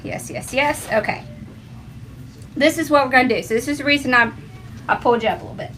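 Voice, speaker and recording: Woman, high voice, homey chatty craft host, faint room noise. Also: fast talker, a bit bright. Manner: chatty, homey, talks to viewers and her dog. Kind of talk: casual how-to demonstration.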